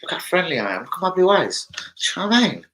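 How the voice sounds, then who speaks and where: Racing along in a high, very animated, fairly bright voice, a young football fan chats casually on his livestream. He swears, rambles, and reads the chat out loud, though the audio is poor.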